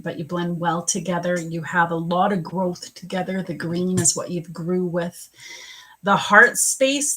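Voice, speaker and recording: A woman's voice: lowish voice, slightly rough, rough recording. A woman psychic medium giving chatty live readings to viewers, teary and emotional at times. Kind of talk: casual live-stream reading.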